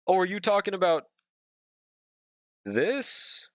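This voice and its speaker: Male streamer, higher voice, dry close sound, chatty and profane, hums while drawing. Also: lively intonation, normal speed, pauses often, fairly bright tone, dry recording. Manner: joking, profane, hums to himself. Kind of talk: casual live-stream chat while drawing.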